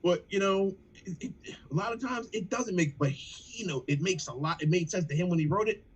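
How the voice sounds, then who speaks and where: Husky animated man talking rap. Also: high-pitched, brisk, rough recording. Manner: animated, profane, quotes lyrics excitedly. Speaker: rapper in a band. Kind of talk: casual chat on a livestream.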